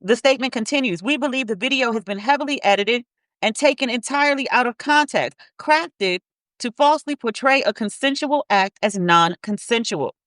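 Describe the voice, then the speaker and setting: A woman's voice: a little high, fairly bright tone, no echo, studio quality. A woman hosting a podcast, giving blunt, profane commentary, repeating words for emphasis and reading statements aloud. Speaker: podcast host. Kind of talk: casual commentary.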